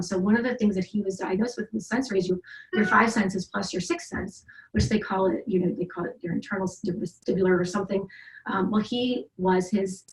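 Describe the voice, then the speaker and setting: A woman's voice: medium pitch, steady tone, brisk, slight background noise. A middle-aged woman recounting a family story in casual conversation, rambling with many restarts. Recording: roomy echo.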